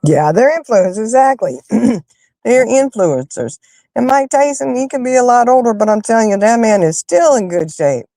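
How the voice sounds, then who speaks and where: A woman hosting a casual chat with her viewers, telling stories in an animated, emphatic way and fussing loudly when annoyed. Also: on the high side, moderate pace, no room sound. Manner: animated, emphatic storyteller who rants and fusses. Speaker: livestream host chatting with viewers.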